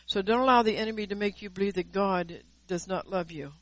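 A woman's voice: mid-range voice, fairly quick. An earnest woman delivers a devotional sermon with a mid-range voice. She presses her points home by repeating key words. Her voice sounds close and dry, with no room echo. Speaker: preacher. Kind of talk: devotional sermon with personal testimony.

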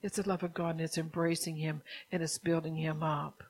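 Woman, sermon, gravelly husky voice, flat delivery, asks listeners if they follow, soft whispers at times. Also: low-pitched, brisk, low-quality recording. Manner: keeps asking the listeners if they understand. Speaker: preacher.

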